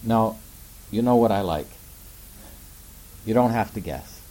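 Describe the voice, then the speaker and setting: Middle-aged male preacher, warm mellow tone, gentle and conversational, leans on rhetorical questions. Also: fairly low pitch, measured pace, poor audio. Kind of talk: sermon.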